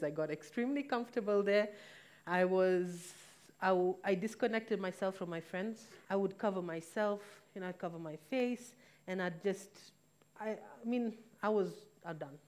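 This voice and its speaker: A woman's voice: lowish voice, a little mellow. A woman telling a painful personal story in a candid, reflective way, now and then correcting herself. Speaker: guest telling her own story.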